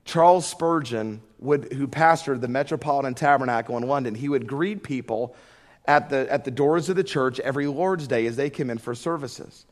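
A man's voice: mid-range voice, moderate pace. A middle-aged man preaching a sermon, telling a folksy story and rising to fervent emphasis on prayer. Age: middle-aged or older.

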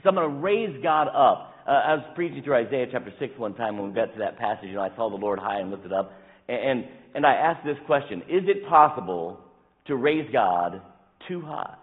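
Male pastor, emphatic sermon, lively rising and falling pitch, thin phone-like sound. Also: a little fast. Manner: emphatic, rising and dropping with stretched words. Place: church sanctuary. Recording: phone-like sound in a reverberant hall.

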